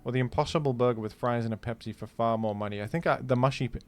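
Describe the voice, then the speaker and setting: Hosting a gaming video, this man speaks quickly in a mid-range voice, with faint music playing behind him. He rambles casually as he plays, sounding jokey and incredulous.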